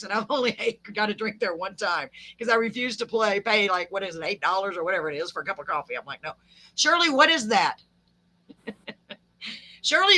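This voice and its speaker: Woman host, bright and forceful tone, chatty and laughing, folksy. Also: mid-range voice. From Texas. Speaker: podcast host. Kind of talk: casual live chat with a guest.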